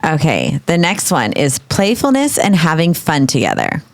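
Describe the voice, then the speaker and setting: Mom co-hosting a podcast w her husband, chatty, lively ups and downs. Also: low-pitched, normal speed. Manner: relaxed, reads list items aloud, lively. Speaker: co-host, wife, full-time mother. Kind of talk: casual couple's podcast chat.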